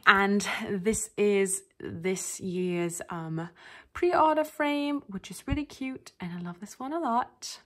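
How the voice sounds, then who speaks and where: A woman chatting casually to camera while unboxing, gushing and excitable, breaking into gasps and laughs. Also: mid-range voice, takes it slowly. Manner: chatty and rambling, with fillers and restarts. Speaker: vlogger.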